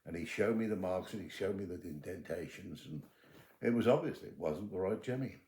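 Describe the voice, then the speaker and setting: An older man with a British English accent tells his old case, acting out both sides of the conversations himself. His voice sits very low but swings widely in pitch as he talks. The recording has a roomy echo. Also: expressive, fairly quick, darkish tone. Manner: acts out both sides of remembered dialogue. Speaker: retired detective telling his own case. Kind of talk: spoken true-crime storytelling.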